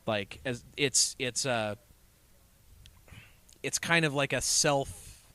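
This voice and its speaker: A man's voice: medium pitch, slow pace, clean tone, no echo. A man in casual podcast chat about motorsport, who talks loosely with restarts and often acts out other people's words with swearing. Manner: animated, acts out other drivers' voices with swearing. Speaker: podcast guest.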